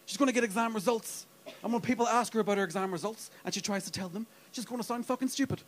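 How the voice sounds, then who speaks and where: A man's voice: sits high, fast talker. A young man doing a profane, self-mocking stand-up set in a comedy club, acting out voices. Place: comedy club with live audience.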